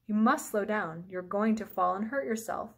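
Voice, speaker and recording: A woman's voice: medium pitch, moderate pace, vocal fry, breathy edge. A woman voicing a curious, caring young girl.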